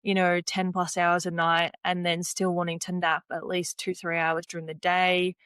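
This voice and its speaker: A young woman with a fairly low voice tells her story in a relaxed, chatty way. She often acts out what she and others said, with plenty of "like" and "you know." The sound is close and dry, with no room echo. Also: normal speed, clean tone. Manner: retells conversations by quoting herself and others. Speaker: podcast guest, former swimmer. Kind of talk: casual interview storytelling.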